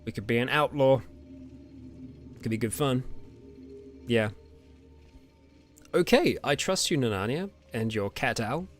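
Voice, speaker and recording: A young man with an Australian or New Zealand accent, hosting a casual question-and-answer chat with his viewers, relaxed and rambling with lots of ums and small laughs. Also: mid-range voice, a little slow, pauses often, soft background music. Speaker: roleplay channel host answering viewer questions.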